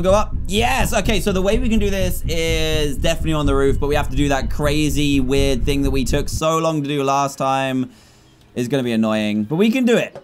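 Man, twenties, lively gameplay commentary, slightly high voice, close mic. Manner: excitable, narrates every move, shouts when he wins. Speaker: gaming YouTuber.

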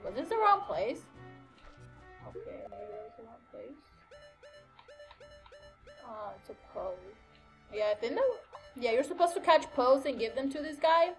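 With a high, expressive voice, a young woman runs casual let's-play commentary for her gaming channel. She talks a little slowly and pauses often, yet stays chatty and scattered, throwing in plenty of fillers and exclamations over faint game music.

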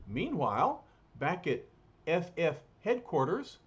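A man's voice: a little high, huge pitch swings, slow. A man retelling a cartoon episode aloud in a dramatic manner with loose asides, in a muffled lo-fi recording. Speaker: storyteller. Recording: muffled lo-fi recording, faint hiss.

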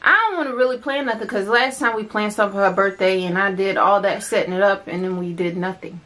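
A young woman chatting casually at home during an eating video, loud and teasing. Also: medium pitch, fast. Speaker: mukbang co-host. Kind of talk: casual chat. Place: home, indoors. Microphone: phone camera.

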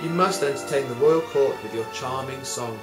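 A man voicing an eager, earnest male court official, speaking briskly in a raised voice. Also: medium pitch, natural voice. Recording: roomy, with music behind.

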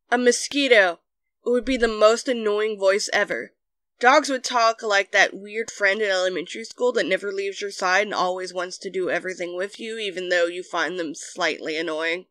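A narrator reading online comments aloud in a deadpan way with sudden bursts. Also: medium pitch, normal speed, dry recording. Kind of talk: scripted narration.

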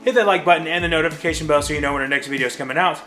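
A man's voice: on the high side, rapid-fire, bright, forceful tone, faint music behind. A man hosting a casual vlog from home, chatty and rambling, often restarting his phrases. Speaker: vlog host.

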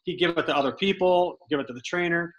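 Talking fast in a slightly high voice, a middle-aged interviewee spins casual baseball stories, animatedly acting out the quotes with swearing. The highs are cut off and there's slight background noise.

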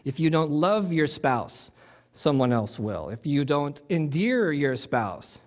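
A man's voice: fairly high pitch, big pitch swings, slow pace. Conversational male preacher, muffled recording. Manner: conversational preaching with restarts and asides. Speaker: pastor. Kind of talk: sermon.

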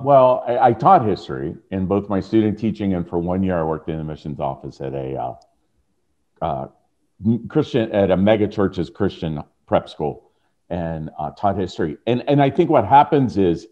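A man with a Southern American accent, a podcast guest speaking over a video call, explaining things in a folksy, relaxed way. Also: low voice, dull audio.

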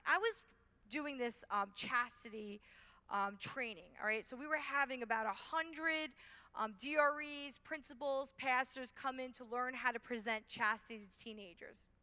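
A woman giving an animated conference talk, telling a story with many fillers and restarts. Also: high voice. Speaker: conference speaker. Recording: long hall reverb.

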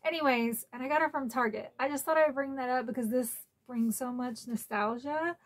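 Chatty emotional woman vlogger, slightly high. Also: normal speed. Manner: chatty and emotional, tearful at times. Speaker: collector channel host. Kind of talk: casual unboxing vlog. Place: at home.

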